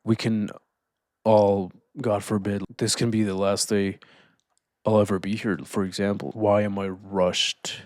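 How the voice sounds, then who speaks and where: A man giving a casual motivational talk, calm and deliberate, slowing down to stress points and often saying "man". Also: lowish voice, dry recording, clean studio sound. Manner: calm, deliberate, slows down for emphasis. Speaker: self-improvement speaker.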